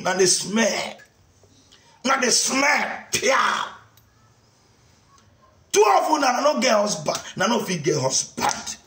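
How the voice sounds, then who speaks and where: Nigerian male preacher, taunting rant with shouted outbursts, high animated pitch. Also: slow, pauses often, a little hiss or hum. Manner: taunting, mocking, bursts of shouting. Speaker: online preacher. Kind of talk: mocking rant to camera. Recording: echoey room.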